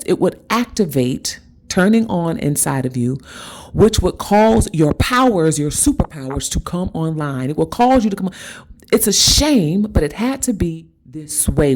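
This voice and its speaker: A woman hosting a spiritual motivational monologue. She talks emphatically and repetitively, checks in with listeners with a quick "okay?", and drags out key words for dramatic stress. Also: on the low side, darkish tone. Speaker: host.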